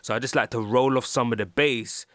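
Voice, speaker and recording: A man's voice: medium pitch, fairly even intonation, a little fast, noisy background. A man with a London English accent, a music producer talking through a casual tutorial, rambling with lots of ums and restarts. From England.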